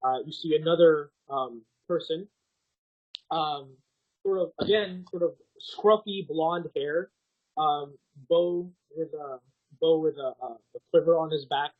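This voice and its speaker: A young man narrates a tabletop game as game master in a somewhat high voice. He improvises with plenty of ums, restarts and casual swearing. The recording is dull and lo-fi. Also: measured pace. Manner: hesitant, filler-heavy, swears casually.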